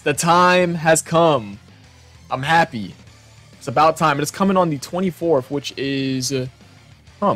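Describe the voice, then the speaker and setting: Young male gaming host, raised pitch, profane and excitable, reacting casually with faint guitar music behind him. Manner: excitable, profane, laughs often.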